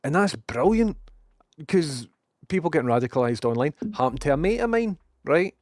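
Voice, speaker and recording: A man's voice: a little high, big pitch swings, moderate pace, darkish tone, dry recording, clean studio sound. A man with a Scottish accent, ranting sarcastically and rambling as he chats to his live-stream viewers, swearing freely. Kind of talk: casual live-stream rant.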